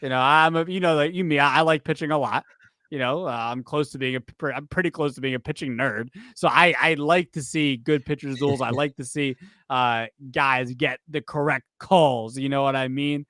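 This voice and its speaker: A man's voice: mid-range voice, moderate pace, fairly bright tone, dry recording. A man co-hosting a casual sports chat, rambling and interrupting himself with joking asides. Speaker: podcast co-host.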